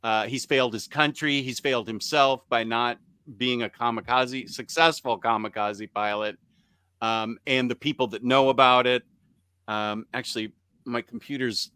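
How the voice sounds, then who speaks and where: A man hosting a casual podcast chat, talking haltingly with many ums and restarts. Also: medium pitch, fairly even intonation, pushed and bright, clear, resonant tone, no echo. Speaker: podcast host. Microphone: USB microphone on computer.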